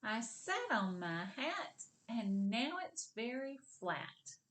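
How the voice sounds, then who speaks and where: A woman with a Southern US accent teaching a kindergarten reading lesson, repeating words slowly and clearly for young children. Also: a little high, sing-song, a bit bright. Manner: slow, sing-song, repeats words for children.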